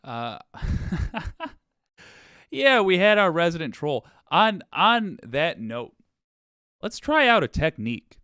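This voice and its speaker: A young man hosting a political livestream show in a wry, chatty way, with asides and his voice going hoarse. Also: mid-range voice, a bit bright, no echo, studio quality. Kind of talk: casual livestream talk.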